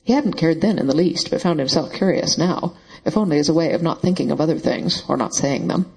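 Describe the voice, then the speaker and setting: A man narrating a novel in a steady, even storytelling voice. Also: on the high side, fairly quick, vocal fry, breathy edge, low-quality recording. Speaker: audiobook narrator. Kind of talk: scripted narration.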